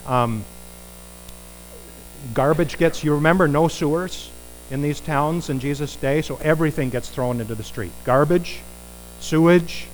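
A man preaching a conversational sermon, animated and putting rhetorical questions to his listeners. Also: a little high, slight background noise, poor audio.

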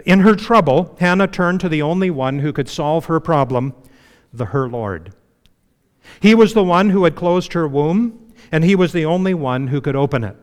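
A man preaching a sermon in a relaxed, conversational way, full of "you know"s and dropping to a hushed voice to stress a point. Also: fairly high pitch, clear, resonant tone, big-room sound. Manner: conversational preaching with frequent you-knows, dropping to a hush for emphasis. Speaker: pastor.

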